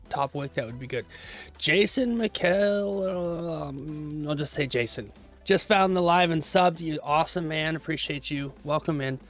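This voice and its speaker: A man's voice: a little high, fairly bright tone. Young American man, live trading stream, chatty, rambling, greets viewers, faint music behind. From United States. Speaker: livestream day trader. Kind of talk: casual live-stream chat.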